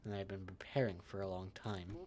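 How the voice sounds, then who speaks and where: A man's voice: deep voice, flat delivery, brisk, a crowd in the background, lightly acted. A man voicing a cunning, patient old grandmother in a game, reading her lines with small restarts. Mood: knowing.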